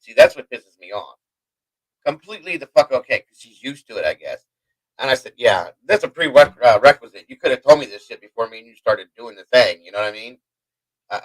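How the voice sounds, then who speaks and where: A man hosting a live stream, telling a long personal story in a rambling, profane, animated way. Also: medium pitch, rough recording. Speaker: host. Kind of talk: livestream storytelling.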